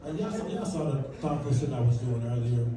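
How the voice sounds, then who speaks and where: A man doing a stand-up set on a club stage, bantering with the audience, swinging between loud bursts and low mutters. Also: normal speed. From Virginia. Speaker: stand-up comedian. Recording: echoey club recording from far off, loud crowd. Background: audience laughter.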